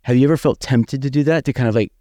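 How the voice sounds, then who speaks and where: Male podcast host, mid-pitched, dry close-miked sound, loose rambling questions. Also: quick pace, dark tone, no echo. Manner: rambling questions with fillers like "I mean" and "like".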